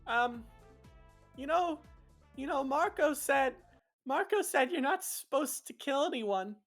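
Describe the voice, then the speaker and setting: A nervous young woman courier, put on by a male game master, who hedges every line with ums and you-knows. Her voice sits far above his own and wobbles widely in pitch. She is a tabletop roleplay character. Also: animated, takes it slowly, faint music behind. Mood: hesitant.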